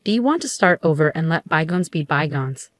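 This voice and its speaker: A woman reads as a resentful ex-husband who grumbles about his marriage and wheedles to win someone back. The voice sits a little low and sounds dry and close. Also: expressive, fairly quick, no room sound.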